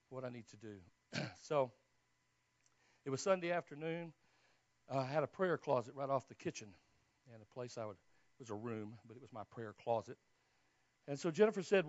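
A man preaching a sermon as he tells his own story, dropping to hushed tones and then rising to loud exclamations. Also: medium pitch, expressive, fairly quick, pauses often, dry recording. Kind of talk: sermon testimony. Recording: dull, dry lo-fi recording.

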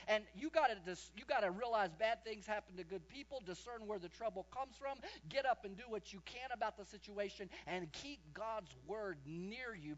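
A man preaching a sermon, impassioned, slowing down and swelling his voice for emphasis. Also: sits high, highs cut off.

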